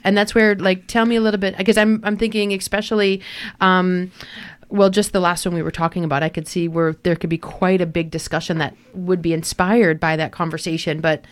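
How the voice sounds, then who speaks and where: A woman's voice: on the low side, level tone, brisk, few pauses, clean tone. A woman hosting a community radio talk show, interviewing guests with a hesitant, filler-heavy manner.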